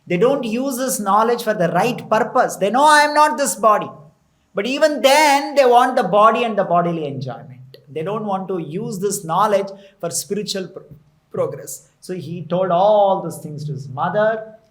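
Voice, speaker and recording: A man's voice: high-pitched, animated, normal speed, rough recording. A man preaching a sermon, retelling a scripture story with rhetorical questions and chanted verses. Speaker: temple preacher.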